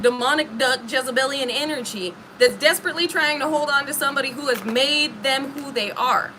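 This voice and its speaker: High bright-voiced woman giving a tarot reading. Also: a little hiss or hum, low-quality recording. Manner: emphatic, streetwise, slangy. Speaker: tarot reader.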